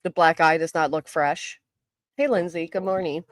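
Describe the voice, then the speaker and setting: A middle-aged woman hosting a live stream, chatting casually with viewers, greeting them by name, and talking fast and loud. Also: low-pitched, fairly even intonation, no echo. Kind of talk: casual live chat, reading comments.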